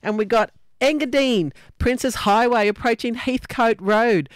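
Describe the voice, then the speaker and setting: A woman with an Australian accent hosting a live breakfast radio show, chatty and upbeat and quick to laugh, speaking into a studio microphone. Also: fairly high pitch, dry recording.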